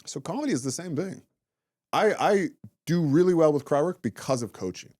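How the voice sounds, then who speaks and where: Lively, fast-talking man telling stories. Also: on the high side, dry recording, studio quality. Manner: animated storytelling, acts out quotes, swears often. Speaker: guest, former fighter turned comedian. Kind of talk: casual interview chat.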